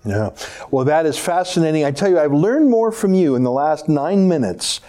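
A man's voice: on the high side, lively intonation, moderate pace, mellow. A man hosting a political talk show, talking in an emphatic, exclamatory way. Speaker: host.

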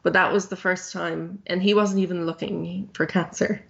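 A woman's voice: fairly low pitch, steady tone, normal speed, vocal fry, dull audio. A woman in her thirties, a podcast guest telling her own story in a candid, plain-spoken way with frequent ums.

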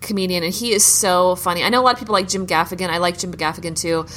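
A woman's voice: fairly low pitch, fairly even intonation, racing, a bit bright, slight background noise. A woman in a casual chat, earnest and enthusiastic, often repeating herself.

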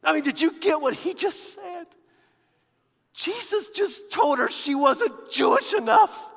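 A man preaching a sermon, animated, shifting from hushed to loud. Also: very high-pitched, a little slow, vocal fry. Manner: animated, swinging from hushed to loud with quoted voices. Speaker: pastor. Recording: long hall reverb.

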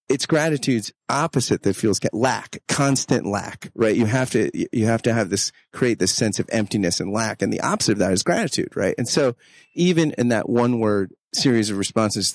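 A man's voice: on the low side, no room sound. A male interviewer thinking aloud, restarting his sentences and repeating words. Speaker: interviewer, host. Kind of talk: casual interview talk.

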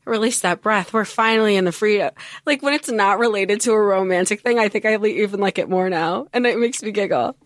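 Woman podcast co-host, casual book chat, medium pitch, dry sound, giggly. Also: fairly quick, no room sound.

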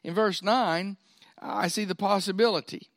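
A man's voice: high-pitched, steady tone, normal speed, a bit bright, dry recording, studio quality. A man preaching a sermon, folksy and often checking in with his listeners. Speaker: pastor.

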